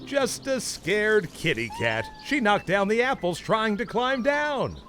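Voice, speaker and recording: A man voicing a gentle, good-humored male helicopter who talks with an easygoing chuckle. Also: high voice, big pitch swings, a little slow, voice pushed up, exaggerated voice. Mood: amused. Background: music.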